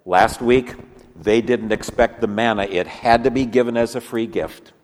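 A man preaching a sermon in earnest, swinging from lively emphasis to hushed, low passages. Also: normal speed, long reverb tail. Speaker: pastor.

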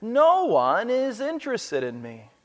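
A man's voice: a little high, very animated, moderate pace, long reverb tail. A man reading as a fretful young college woman. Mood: worried. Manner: complaining, self-pitying.

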